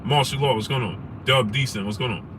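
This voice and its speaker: A man's voice: mid-range voice, brisk. Ranting man in a noisy car. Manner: animated, ranting, repeats rhetorical questions. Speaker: sports talk show host. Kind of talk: casual live-stream commentary, reading chat names.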